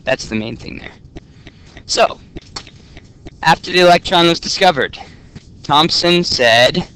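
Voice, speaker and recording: A man teaching a class in a relaxed, joking way, often checking in with "okay?". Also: a little high, takes it slowly, pauses often, slight background noise. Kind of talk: classroom lecture. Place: classroom with students.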